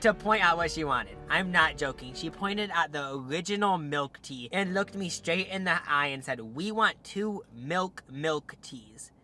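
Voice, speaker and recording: Young guy, high bright voice, giggly and animated, reading stories, soft music under it. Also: normal speed, hardly any pauses. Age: young adult. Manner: giggly, animated storytelling with lots of fillers. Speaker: host reading viewer stories. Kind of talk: casual chat.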